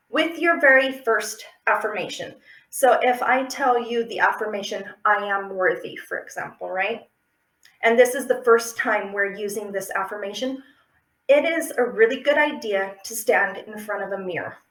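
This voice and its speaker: A woman's voice: a little high, unhurried, fairly bright tone. Woman, casual instructional talk, chatty with frequent check-ins, roomy echoey sound. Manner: chatty, checks in often with tag questions. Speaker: affirmation practice teacher.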